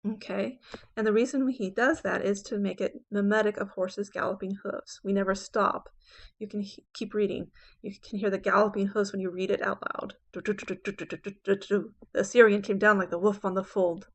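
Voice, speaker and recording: A woman professor lecturing on poetry, talking in a conversational teaching way with fillers and checks, and reading verse aloud with dramatic emphasis. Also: mid-range voice. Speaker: English professor.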